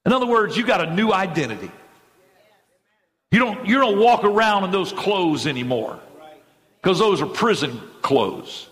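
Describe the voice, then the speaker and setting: A middle-aged male pastor preaching a sermon with fervent energy, speeding up and slowing down as he drives points home. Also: sits high, very animated, a bit bright. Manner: fervent preaching with sudden swings in pace. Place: church sanctuary. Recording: church hall reverb.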